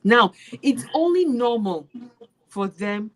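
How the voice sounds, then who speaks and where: A Nigerian woman and maths teacher, telling classroom stories in an interview with lively laughter. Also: fairly high pitch, takes it slowly, rough recording. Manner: animated storyteller, laughs while retelling classroom moments. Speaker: special education maths teacher. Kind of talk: casual interview.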